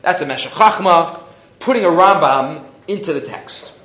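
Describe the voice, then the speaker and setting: A man's voice: fairly high pitch, lively intonation, moderate pace, fairly bright tone. A man teaching a Torah class, mixing Hebrew and English and asking rhetorical questions. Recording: echoey, dull lo-fi classroom recording.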